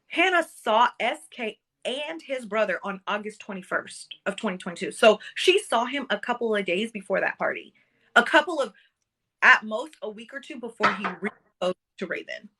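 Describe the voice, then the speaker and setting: Woman co-host, bright voice, gossipy, emphatic, casual recap chat. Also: mid-range voice, lively intonation, normal speed, slightly rough. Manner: gossipy, emphatic, filler-heavy.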